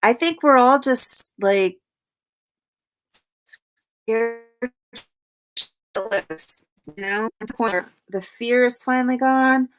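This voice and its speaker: A woman's voice: fairly high pitch, takes it slowly, pauses often, soft background music. A woman hosting a late-night livestream, chatting casually with viewers, reading out their comments and swearing freely. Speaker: livestream host.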